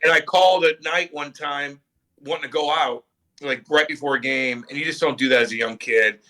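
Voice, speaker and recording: This guest, a former pro hockey player in middle age, chats on a podcast with a bright, forceful voice pitched fairly high and a slightly quick delivery. Full of lively energy, he spins animated yarns, performs every quote, and curses without restraint.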